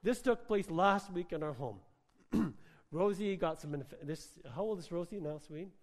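A man preaches in a loose, conversational way, telling stories with plenty of filler words. His voice sits fairly high. It rings out with a long reverb, as in a large hall. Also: animated, moderate pace. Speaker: pastor. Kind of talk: sermon.

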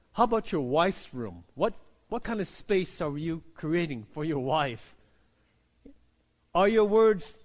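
A man, a pastor, preaching a sermon in a conversational way, checking in with "right?" and restarting his phrases. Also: high voice. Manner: conversational preaching, frequent "right?" and "you know" tags, repeated restarts.

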